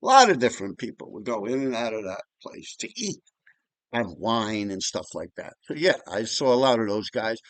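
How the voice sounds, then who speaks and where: A man's voice: fairly low pitch, sing-song, moderate pace, no echo. A man, telling neighborhood stories in a rambling, profane, casual way. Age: 50s. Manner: rambling and profane, with frequent restarts and asides. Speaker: vlogger storyteller. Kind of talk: casual storytelling.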